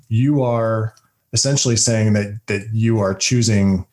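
A man's voice: fairly low pitch, steady tone, a little slow, a little mellow. A man hosting a podcast, speaking emphatically with frequent restarts in a casual theological discussion. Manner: emphatic, many fillers and restarts. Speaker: podcast host.

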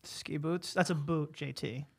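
Man, podcast co-host, high voice, teasing, argumentative. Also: steady tone, a little slow, creaky. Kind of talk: casual chat.

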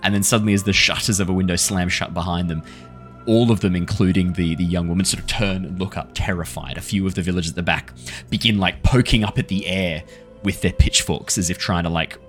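A man's voice: low voice, fairly even intonation, brisk, fairly bright tone, soft background music. A man narrating as dungeon master, telling the scene loosely and playfully with frequent laughs. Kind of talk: narrating a tabletop game.

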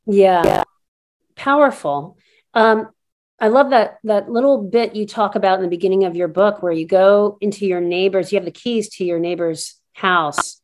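A woman's voice: mid-range voice, normal speed. A woman hosting a casual interview, enthusiastic and affirming, retelling her guest's story back to her. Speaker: podcast host.

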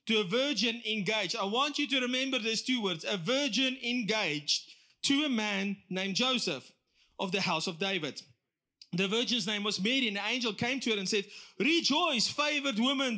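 High bright-voiced male preacher. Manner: animated storytelling, acting out voices and asides. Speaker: pastor. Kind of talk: sermon.

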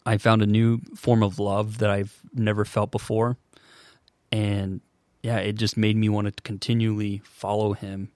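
A man in his twenties, a podcast guest, telling his story in an earnest, halting way with many restarts. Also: lowish voice, flat delivery, a little mellow, dry recording. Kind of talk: casual storytelling.

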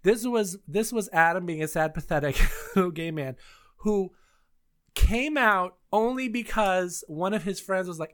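A woman in her thirties hosting a casual podcast chat, telling stories in an animated way with frequent laughs and sudden high squeals. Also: unhurried, clear, resonant tone. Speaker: podcast host.

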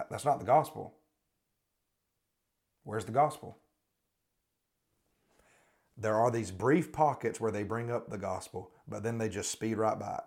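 A man's voice: fairly low pitch, measured pace, long pauses, darkish tone. Man repeating pointed questions. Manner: repeats rhetorical questions, restarts often. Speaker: podcast host. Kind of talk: critical religious commentary.

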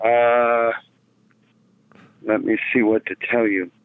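A man's voice: mid-range voice, level tone, slow, clear, resonant tone, no room sound. A man answers over a tinny phone line, and his voice comes through dry and close. He is wary and evasive, giving curt replies to the caller. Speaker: prank call target.

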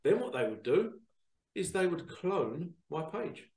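A man hosting a show, talking casually to viewers in a chatty, animated storytelling way that repeats phrases. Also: a little high, a little slow, creaky, distant mic. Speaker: psychic reader and show host. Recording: roomy sound, away from the mic.

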